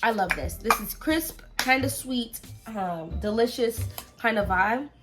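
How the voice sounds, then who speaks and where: A woman's voice: on the high side, unhurried, over loud music. A woman with an American accent, chatting to camera about scents she has bought and talking straight to her viewers. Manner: chatty, animated, talks to viewers directly. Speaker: fragrance vlogger. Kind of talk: casual haul review to camera.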